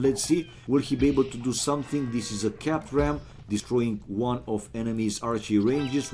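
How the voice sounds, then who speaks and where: This game caster, a man who isn't a native English speaker, has a mid-range voice as he commentates a live strategy match. He stays chatty and excitable, with bursts of exclamation and playful remarks to his audience.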